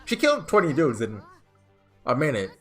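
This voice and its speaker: Lively man chatting through a game. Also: mid-range voice, normal speed, husky, soft background music. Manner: chatty, thinking aloud. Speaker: gamer. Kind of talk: let's play commentary.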